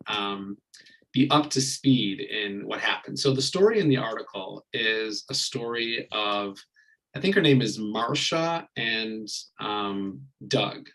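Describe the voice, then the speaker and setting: A man leading an online marriage communication class, retelling a story in a relaxed way with many fillers. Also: medium pitch, poor audio. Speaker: marriage workshop leader.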